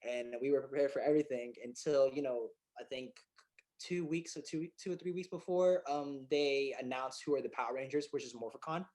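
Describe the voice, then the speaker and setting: A man, a filmmaker and actor guest telling stories in a casual interview, excitable and animated, with many fillers and restarts. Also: medium pitch, fairly quick.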